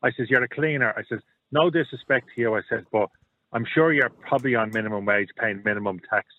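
A man's voice: medium pitch, quick pace. Blunt man on a phone line. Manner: blunt, storytelling, repeats himself. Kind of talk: opinionated radio chat.

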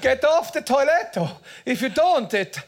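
A hammy mock Italian football manager played by a woman in a live comedy sketch. The put-on Italian accent is broad and deliberate, and the pitch swings widely from line to line. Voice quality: animated, laughing through lines.

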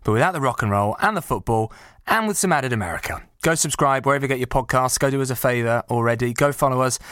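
A man hosts a podcast in an easy, teasing way, with his voice sitting at an ordinary middle pitch. He is recorded close on a studio mic that sounds dry and dead, with no room around him. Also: fast talker, fairly bright tone, dry recording. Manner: chatty, playful, teasing. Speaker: podcast host. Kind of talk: casual podcast chat.

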